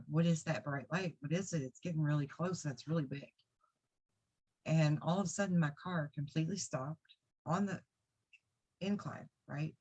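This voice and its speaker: A woman's voice: low-pitched, darkish tone. A woman who does psychic readings, earnestly recounting a personal experience to camera in a rambling way with many fillers. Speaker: psychic reader and video diarist. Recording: dull lo-fi sound.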